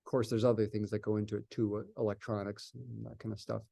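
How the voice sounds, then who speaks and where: A man's voice: lowish voice, flat delivery, fast talker, vocal fry, mellow. A man teaching a live calculus class, thinking aloud and asking and answering his own questions as he goes. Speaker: math lecturer.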